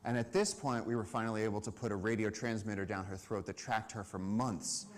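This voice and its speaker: Lively man telling a story on stage. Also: lowish voice, fairly quick. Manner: lively storyteller, acts out dialogue and shouts. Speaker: conservation speaker. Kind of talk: animated storytelling talk. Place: live event stage.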